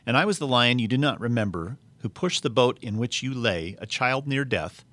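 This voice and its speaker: A man reading the part of a majestic, commanding male lion in a storybook, slowly and solemnly. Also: medium pitch, lively intonation, fairly bright tone, no room sound, natural voice. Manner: slow, solemn, measured reading.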